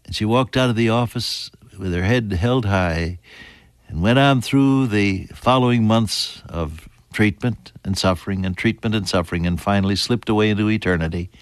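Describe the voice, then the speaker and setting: An older man preaching a sermon in an earnest storytelling manner, climbing high for emphasis and sinking to soft whispers. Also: moderate pace, no echo, clean studio sound. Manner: earnest storytelling, pitch rising sharply on emphasis and dropping to near whispers.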